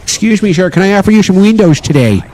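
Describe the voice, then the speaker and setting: A man's voice: lively intonation, quick pace, a little mellow, poor audio. Man doing a chirpy door-to-door salesman. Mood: polite. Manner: overly polite sales pitch. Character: polite male door-to-door window salesman.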